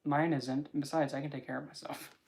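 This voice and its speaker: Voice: mid-range voice, little pitch movement, fairly quick, creaky, noisy background, natural voice. Someone putting on a mocking, overdramatic temptress. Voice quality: theatrical, overdramatic sighing. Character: mocking temptress woman taunting a bound man.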